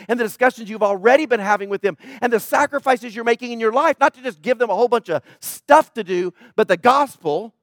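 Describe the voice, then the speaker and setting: High-voiced urgent male preacher. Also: no room sound, clean studio sound. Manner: urgent, emphatic preaching with repetition. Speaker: pastor. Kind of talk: sermon. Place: church.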